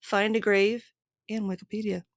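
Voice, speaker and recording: A woman's voice: mid-range voice, little pitch movement, normal speed, dry recording, studio quality. A woman hosting a podcast, steadily reading from a script and long lists of sources. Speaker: podcast host.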